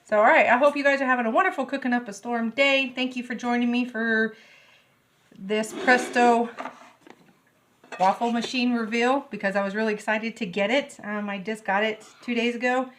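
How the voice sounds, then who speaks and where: A middle-aged woman, gushing with excitement as she demonstrates a recipe in her home kitchen. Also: on the high side, moderate pace, slight background noise. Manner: bubbly, gushing, easily excited. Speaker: home cooking vlogger. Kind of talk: casual cooking demonstration.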